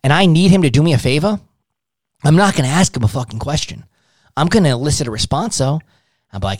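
A man's voice: fairly high pitch, animated, fast talker, a little mellow, no echo, clean studio sound. Blunt, swearing sales trainer man. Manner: blunt, swearing, acts out dialogues. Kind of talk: casual profane sales advice.

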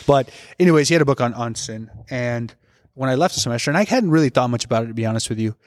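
A man's voice: mid-range voice, lively intonation, racing, no echo. A young man with a mid-range voice talks on a casual faith podcast. He muses candidly and rambles a little as he reflects on his own life. The recording is dry and close.

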